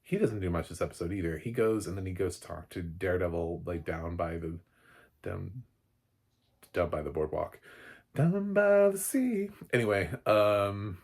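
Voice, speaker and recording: A male film critic talks through a TV episode in a loose, off-the-cuff way. His voice sits very low and has a breathy, husky texture. He fills gaps with ums and uhs and breaks into chuckling asides. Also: fairly even intonation, brisk. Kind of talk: casual spoken episode recap.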